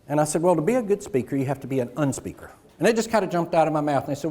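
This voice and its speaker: A man from the South gives a keynote at a conference. His voice sits a little high, and he talks in a jokey, folksy way. A long reverb fills the large hall around him. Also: animated, mellow. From American South. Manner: jokey, folksy, with pauses for laughs. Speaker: keynote speaker. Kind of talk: motivational keynote speech.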